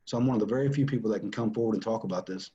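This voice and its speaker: Rapid-fire and low, with a warm tone, a father tells his family story in earnest, emphatic personal testimony, repeating points for stress. The recording is muffled, with a little hiss or hum.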